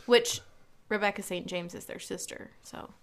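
A woman's voice: mid-range voice, steady tone, moderate pace, slight background noise. A woman co-hosting a morning radio show, playful and teasing, insisting firmly when she knows she's right. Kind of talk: casual banter.

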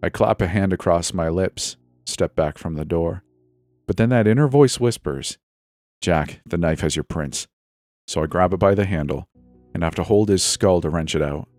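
A man's voice: low voice, normal speed, a little mellow, no echo. A man telling a first-person horror story in a tense, breathless, dramatic way. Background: faint music.

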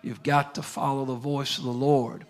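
A man's voice: mid-range voice, little pitch movement, moderate pace. A man preaching a sermon in an earnest, conversational way, using plain everyday grammar.

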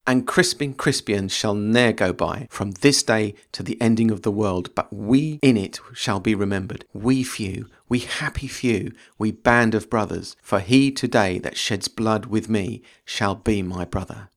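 A man reading aloud as a rousing male king addressing his soldiers, with measured stress on the verse. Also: lowish voice.

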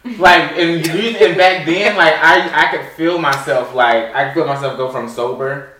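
A man's voice: on the high side, moderate pace, sharp tone, a little hiss or hum. A young man co-hosting a podcast, telling stories in a casual slangy way and laughing often. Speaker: podcast co-host. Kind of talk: casual chat. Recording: roomy sound, mic at a distance.

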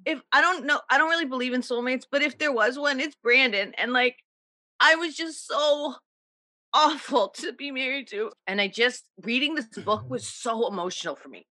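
A woman's voice: sits high, normal speed, pushed and bright, no echo. A middle-aged woman talking candidly and emotionally in a casual podcast chat. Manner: emotional, confessional, laughs often.

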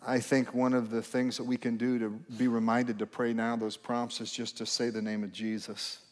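A man's voice: medium pitch, monotone, normal speed. A man preaching as pastor, earnest and repeating his phrases, rising into fervent appeals as he invites people to pray. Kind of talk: sermon with altar call. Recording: long reverb with faint music.

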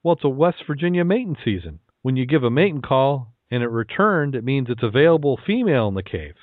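A man's voice: mid-range voice, big pitch swings, fairly quick, dry recording, voice pushed up, natural voice. A man voicing a rural mountain local man explaining something in a folksy joke delivery over a tinny phone-like line.

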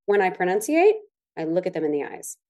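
Middle-aged woman, lowish voice, earnest co-host explaining tips conversationally. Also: sing-song, a little mellow. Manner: earnest, explanatory, slows to stress key words. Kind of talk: casual advice chat.

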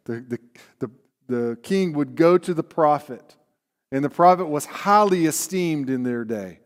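A man's voice: on the high side, animated, a little slow. A man with a Southern US accent preaching a sermon as pastor, talking conversationally and checking in with the congregation with frequent "right?" asides. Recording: long hall reverb.

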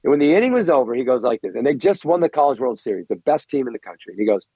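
A middle-aged man, a coaching guest on a podcast, telling stories in an excitable, rambling way and often repeating words. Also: mid-range voice, racing, few pauses, husky, no room sound. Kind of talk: animated storytelling interview. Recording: dull, lo-fi, dry recording.

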